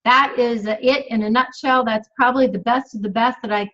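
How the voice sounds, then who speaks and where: A woman's voice: on the high side, steady tone, normal speed, fairly bright tone. Woman in her fifties, motivational coach, emphatic and repetitive, slightly dull call audio. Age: 50s. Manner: emphatic, repeats phrases, laughs often. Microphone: video call.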